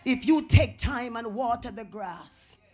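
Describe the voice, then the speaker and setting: A Jamaican woman preaching a revival sermon in a church, dropping to whispers and rising to shouts. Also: on the high side, animated, a little slow, soft background music. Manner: swings from whispers to shouting, chanted tongues. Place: church sanctuary.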